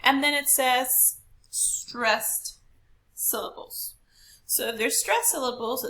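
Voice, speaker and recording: A woman teacher explains a lesson at a slow, deliberate pace. Her voice sits a little high and bright, with a gravelly edge. She punches out single words to show how they are stressed. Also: fairly even intonation, slight background noise. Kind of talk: classroom lesson recorded for students.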